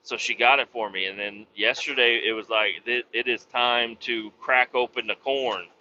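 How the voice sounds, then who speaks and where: Casual profane male host with a sharp bright voice, given to sudden yelps, recorded slightly muffled. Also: mid-range voice, moderate pace, slight background noise. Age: adult with kids. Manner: profane, animated, breaks into loud exclamations. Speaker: podcast host. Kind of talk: casual storytelling monologue.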